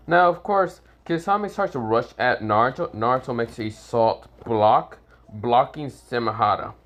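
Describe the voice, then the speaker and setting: A man's voice: mid-range voice, a little slow, a bit bright. A man at home telling an improvised fan story in a casual, rambling way, swearing often and correcting himself. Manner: rambling, profane, self-correcting.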